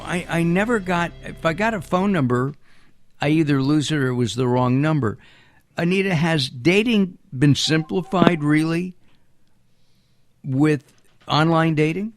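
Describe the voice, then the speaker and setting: A chatty middle-aged man hosts a late-night radio talk show, his voice sitting a little high for a man. He jokes and trips over his words. Music plays clearly beneath him in the studio. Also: a little slow, dry recording. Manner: jokey, chatty, with filler restarts.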